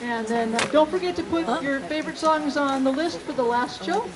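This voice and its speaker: A woman's voice: high voice, normal speed, noisy background. A woman hosting a summer band concert, making casual announcements with fillers and restarts. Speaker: band event host. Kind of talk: casual announcements to an outdoor crowd. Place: outdoor concert with a crowd. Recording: loud crowd around.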